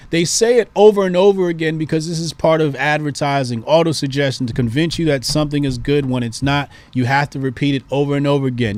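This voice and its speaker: A man's voice: fairly high pitch, darkish tone, no room sound. A man hosting a call-in show, giving emphatic, preachy political commentary and repeating points for stress.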